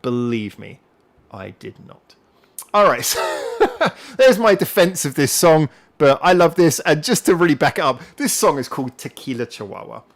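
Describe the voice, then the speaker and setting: A man's voice: medium pitch, creaky. A man hosting a live chat as a musician, talking casually in a rambling, defensive way with many fillers.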